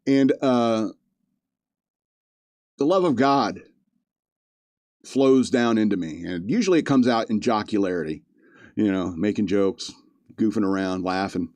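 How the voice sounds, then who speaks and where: A man's voice: fairly low pitch, lively intonation, measured pace, pauses often, a little mellow, dry recording. A man hosting a podcast, reading news stories aloud with joking asides and frequent chuckles. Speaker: podcast host. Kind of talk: casual comedic commentary.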